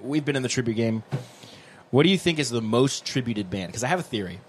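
Podcast cohost dude, joking around, voice swings up and down a lot. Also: male voice, mid-range voice, quick pace, slight background noise. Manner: animated, joking, swears freely. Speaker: podcast co-host. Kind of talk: casual podcast chat.

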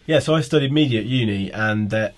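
A young man with a fairly low voice, chatting as a podcast guest. He rambles through his stories and restarts his sentences often. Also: a little fast. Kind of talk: casual chat.

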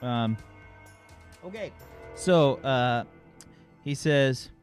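A man's voice: mid-range voice, extremely slow, clear, resonant tone, soft background music. A man from the United States running a tabletop game as game master, talking loosely with many fillers.

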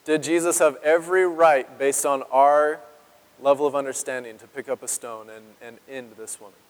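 A man preaching a sermon as pastor, earnest and emotional, with dramatic pauses and drops to a hush on key words. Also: mid-range voice, fairly even intonation. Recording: long reverb of a large hall.

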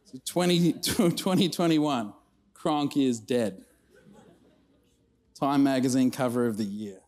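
A man's voice: mid-range voice, slow pace. An Australian man preaching a sermon, telling family stories and acting out the quotes, with the audience laughing along. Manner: storytelling with animated acted-out quotes. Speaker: pastor.

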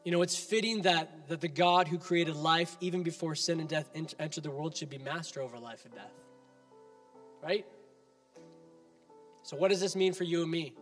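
Man, pastor, high voice, sermon, long reverb. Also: normal speed, pauses often, faint music behind. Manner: emphatic, builds to rising repeated appeals.

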